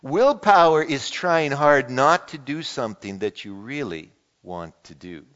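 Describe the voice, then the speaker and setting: A man's voice: medium pitch, animated, unhurried, a bit bright. A man reading as a patient storybook frog. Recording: muffled sound in a reverberant hall.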